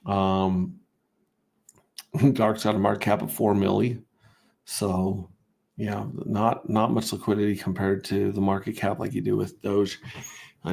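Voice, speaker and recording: A man's voice: lowish voice, level tone, unhurried, vocal fry, pauses often, a little mellow, husky. A man hosting a casual crypto livestream, talking through charts in a rambling, self-interrupting way with wry asides.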